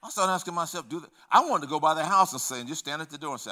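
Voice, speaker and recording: An older man preaching a sermon as pastor, swinging between hushed, low passages and loud, emphatic ones, acting out conversations from his stories. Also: animated, racing.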